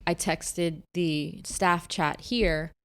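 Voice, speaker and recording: A young woman with a fairly low voice talks frankly on a casual podcast. She tells personal stories openly and gets animated whenever she acts out what other people said. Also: very slow, smooth, soft background music. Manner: candid, animated storyteller who acts out quoted people. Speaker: podcast co-host. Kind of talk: casual chat.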